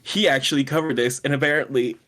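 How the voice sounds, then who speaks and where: A man co-hosting a podcast, chatting casually and excitably, swearing and laughing often. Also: medium pitch, fast. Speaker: podcast co-host. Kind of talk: casual chat.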